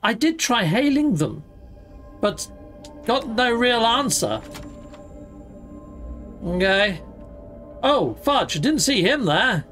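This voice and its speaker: A man's voice: very high voice, big pitch swings, slow pace, pauses often, fairly bright tone, soft background music. A man hosting a let's play, chatting playfully as he loots and fights, full of exclamations and mild mock swearing. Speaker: gaming channel host.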